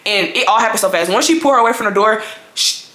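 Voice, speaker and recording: Young woman ranting a storytime to her viewers, crisp bright voice, echoey room. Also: a little high, fast talker. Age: 20s. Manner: animated, fussing, talks straight to viewers. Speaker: vlogger. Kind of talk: casual storytime.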